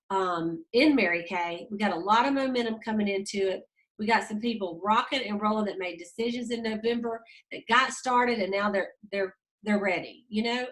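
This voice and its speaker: A woman's voice: mid-range voice, a bit bright, rough recording. A woman hosting a motivational sales team call, upbeat and folksy, coaching her team. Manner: upbeat, pep-talk, folksy.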